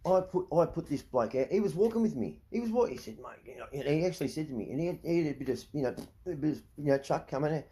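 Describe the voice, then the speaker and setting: A man's voice: a little high, animated, racing, warm tone. Profane, ranting Australian man. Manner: blunt and profane, repeatedly asking "right?"; heated, indignant. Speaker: vlogger. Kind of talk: ranting monologue to camera.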